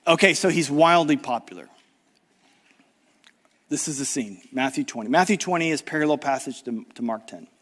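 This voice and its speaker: A middle-aged man preaching a conference sermon, swinging from loud urgent emphasis to low hushed appeals and acting out the voices of people in the story. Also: animated, moderate pace, long pauses. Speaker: guest preacher.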